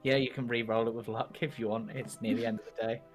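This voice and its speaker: A man runs a tabletop session in an unhurried, easygoing way. His pitch sits in the middle, and he fills gaps with ums and little laughs. Faint music plays underneath. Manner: relaxed, chuckling, lots of ums. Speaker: game master. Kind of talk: narrating a tabletop game.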